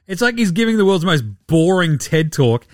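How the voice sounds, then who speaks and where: Ranting Australian man, high and lively. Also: normal speed, no echo, studio quality. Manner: exasperated, heavy swearing, mocking. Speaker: basketball podcast host. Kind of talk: ranting commentary.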